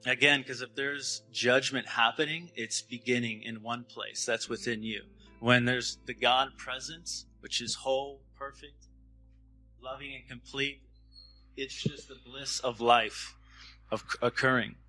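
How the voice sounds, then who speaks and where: Bright-voiced man giving a spiritual talk. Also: mid-range voice, steady tone, faint music behind, low-quality recording. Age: 30s. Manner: gentle, halting, with frequent restarts and laughs. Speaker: spiritual speaker.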